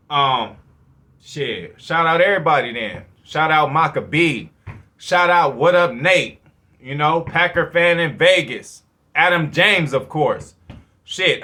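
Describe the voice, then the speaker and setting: A man in his thirties runs his own football fan channel, talking in a loose and rambling way with plenty of swearing. His voice sits a bit high and sounds bright and forward, and he keeps the casual commentary animated. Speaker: sports fan channel host.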